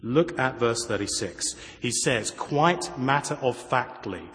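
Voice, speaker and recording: A man preaching a sermon, moving from raised, emphatic lines to quiet, intimate asides and pointed rhetorical questions. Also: medium pitch, lively intonation, slow, hardly any pauses. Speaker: pastor. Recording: long reverb of a large hall.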